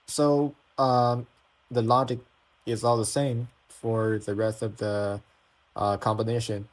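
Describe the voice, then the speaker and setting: A man's voice: mid-range voice, little pitch movement, moderate pace. A man from China with a Chinese accent, a native Chinese speaker teaching a pronunciation lesson and patiently repeating sounds to demonstrate them. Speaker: language teacher.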